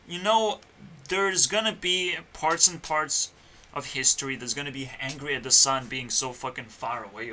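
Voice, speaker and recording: A man talking as a YouTuber in a rambling solo rant, profane and meandering, swinging between loud outbursts and mutters. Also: mid-range voice, slight background noise. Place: home computer setup.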